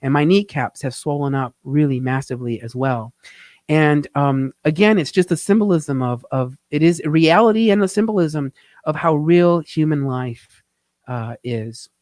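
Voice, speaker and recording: Host, man, a touch high, dry close sound, earnest and reflective talk over his photos. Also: a little mellow, dry recording. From Phoenix, Arizona. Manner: reflective, earnest, halting with fillers. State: getting emotional. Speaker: host, tax teacher. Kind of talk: live-show narration over travel photos.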